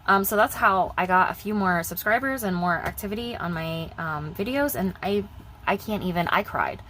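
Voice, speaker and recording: A woman's voice: lowish voice, expressive, moderate pace, a bit bright, slight background noise, rough recording. A young woman chatting casually in her vlog, rambling and repeating herself as she talks about budgeting. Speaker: budgeting vlogger.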